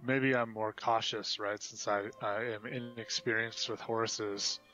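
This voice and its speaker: A man's voice: fairly low pitch, flat delivery, unhurried, bright, forceful tone, highs cut off, soft background music. A man playing a tabletop game, chatting casually and cracking jokes. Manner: wisecracking. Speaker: player.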